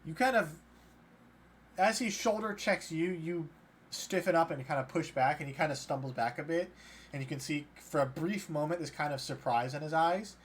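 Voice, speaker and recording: A man's voice: fairly high pitch, normal speed, slight background noise. A man narrating as game master of a tabletop game, in a casual way full of fillers. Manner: casual, many fillers like "kinda".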